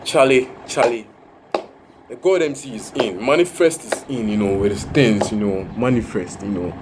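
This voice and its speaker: A man's voice: mid-range voice, normal speed, background noise. A man giving casual, earnest commentary to his viewers. He often repeats words for emphasis. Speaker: reaction video host.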